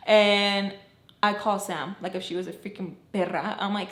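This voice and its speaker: A young woman casually telling a storytime, acting out what people said with big jumps in pitch and saying "like" often. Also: normal speed. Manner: animated, acts out quotes with jumps in pitch, frequent "like". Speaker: storytime vlogger. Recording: roomy echo, faint background noise.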